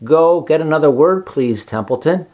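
A man voicing a kind, wise female barn spider who talks gently but firmly, coaxing the others along. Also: fairly high pitch, animated, normal speed, muffled recording, voice pushed up.

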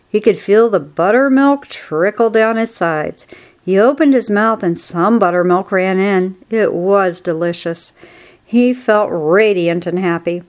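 A woman narrating a children's storybook aloud in a gentle, expressive way. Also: mid-range voice.

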